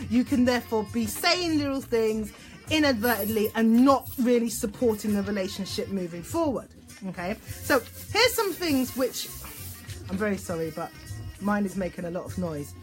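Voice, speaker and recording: A woman therapist teaching about relationships in a lively, up-and-down voice, set a little higher than most. She keeps checking in with listeners and acts out example phrases, with faint music behind her. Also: moderate pace. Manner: animated, checks in often with "okay?". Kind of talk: instructional talk on relationships.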